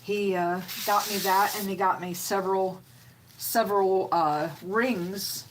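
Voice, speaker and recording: A middle-aged woman, hosting a live stream with slow, homey chatter and greeting viewers by name. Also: medium pitch, steady tone, slight background noise. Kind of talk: casual live-stream chat.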